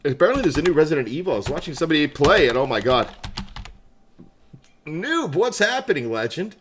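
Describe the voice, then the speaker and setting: A man's voice: fairly high pitch, very animated, fairly quick, fairly bright tone, a little hiss or hum. A man chatting casually on a game livestream, laughing often, greeting viewers by name, wired on coffee, with keyboard clicks behind. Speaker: livestream gamer.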